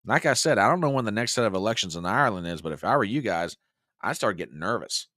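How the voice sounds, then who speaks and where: Indignant low-voiced American man commenting. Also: lively intonation, fast, bright, forceful tone, no echo, studio quality. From United States. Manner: indignant, reads news aloud and mocks quotes. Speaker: host. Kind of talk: political commentary live stream.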